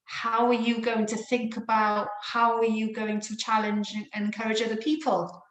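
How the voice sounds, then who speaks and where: A woman's voice: on the high side, completely flat delivery, moderate pace. Reflective woman in an echoey room. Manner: reflective, searching, with many restarts. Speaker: therapist and trainer. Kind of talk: panel discussion.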